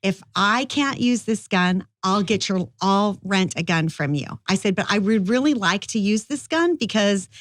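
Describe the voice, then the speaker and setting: A woman's voice: mid-range voice, expressive, normal speed, hardly any pauses, no room sound. Middle-aged woman rambling through a story, lots of ums, dry mic. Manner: chatty, rambling, many fillers. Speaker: guest, firearms instructor. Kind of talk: casual storytelling interview.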